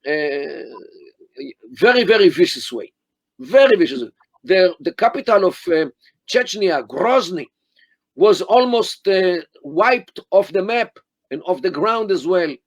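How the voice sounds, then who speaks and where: An older man talks as an interview guest over a video call. He speaks in a fairly high voice, stressing words deliberately and often restarting his phrases. The sound is close and dry, with no room echo. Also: lively intonation. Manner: deliberate, emphatic, many restarts and fillers. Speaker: interview guest, Middle East scholar.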